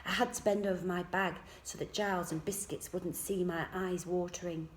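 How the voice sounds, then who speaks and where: Teacher reading a story softly. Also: female voice, lowish voice, fairly even intonation, normal speed. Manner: soft, quiet first-person narration. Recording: echoey room.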